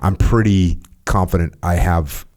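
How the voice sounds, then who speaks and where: A podcast host with a low, steady, slightly mellow voice speaks a little slowly. He's blunt and casual, reading sponsor plugs and ribbing his guest.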